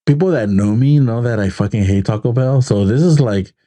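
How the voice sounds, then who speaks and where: A man's voice: medium pitch, a little fast, dark tone. Laid-back young man saying bro. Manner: laid-back, profane, says bro a lot. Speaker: podcast co-host. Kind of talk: casual banter.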